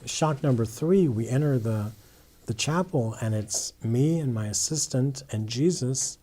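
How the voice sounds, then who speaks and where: Husky-voiced man telling his story. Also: mid-range voice, measured pace, mellow. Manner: earnest, with frequent restarts and "you know". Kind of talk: storytelling testimony interview.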